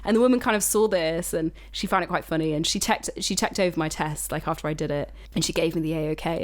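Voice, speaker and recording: A woman from the United Kingdom talks casually as a podcast guest, her voice sitting a little on the low side. She rambles through asides and swears freely. Her delivery stays frank and conversational. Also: quick pace, hardly any pauses. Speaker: guest climate activist. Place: indoor recording.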